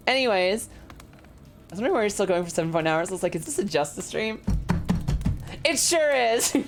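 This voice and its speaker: A woman streamer chatting casually and excitably while gaming, laughing often and swearing freely. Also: mid-range voice, a little hiss or hum.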